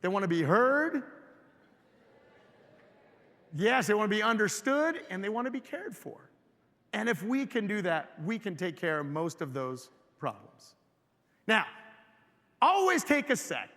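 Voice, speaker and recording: A high, lively male voice with a bright, forceful edge. He delivers a keynote to a live audience, firing questions at the crowd and pulling them in. The sound carries a long hall reverb. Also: normal speed. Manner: energetic, engages audience with questions. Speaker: keynote speaker. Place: large hotel event hall.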